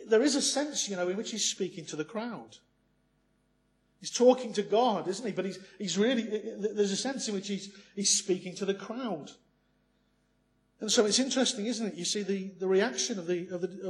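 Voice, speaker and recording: A man preaching a sermon, earnest and full of rhetorical questions, swinging from loud emphasis to hushed asides. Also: high-pitched.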